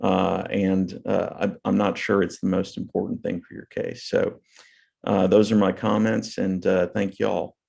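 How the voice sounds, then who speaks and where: A man on a judging panel gives halting feedback full of fillers. His voice is very deep and gravelly, with a flat tone. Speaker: judge on a mock trial panel.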